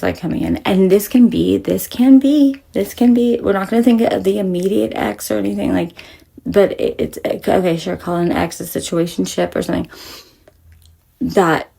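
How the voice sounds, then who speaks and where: Female spiritual reader, husky, profane, rambling, emphatic, slips into whispers. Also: medium pitch, dark tone. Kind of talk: casual spiritual pep talk.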